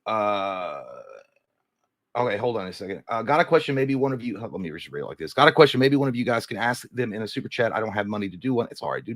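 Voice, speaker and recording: A man's voice: fairly low pitch, dry recording, clean studio sound. A man co-hosting a live movie news stream, casually chatting and reading viewer comments, rambling and restarting his sentences, a little hungover. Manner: rambling, trails off and restarts, crude jokes.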